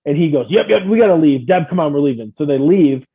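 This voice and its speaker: A man's voice: a little high, animated, fast talker, husky. A man co-hosting a podcast, jumping in with jokes and his own stories in a casual chat. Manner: joking, chiming in with quips. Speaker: podcast co-host. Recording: tinny phone-like call audio.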